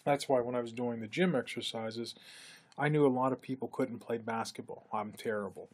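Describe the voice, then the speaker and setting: A man with a husky, slightly breathy voice gives a relaxed lecture on leading teams. His pitch sits in an ordinary middle range. When he quotes other people, his voice lifts and grows livelier. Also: normal speed. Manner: conversational, acts out quoted speech with lifted pitch. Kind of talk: recorded lecture.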